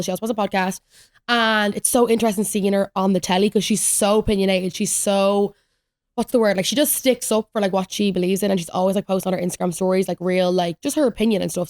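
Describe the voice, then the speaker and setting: A young woman hosts her podcast, spilling stories fast and loose, full of "like" and quick asides. Her voice sits mid-range, and the sound is close and dry with no room around it. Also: mid-range voice, dry recording. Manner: chatty, rambling storytelling with lots of "like". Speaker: podcast host. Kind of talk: solo podcast rant, casual chat.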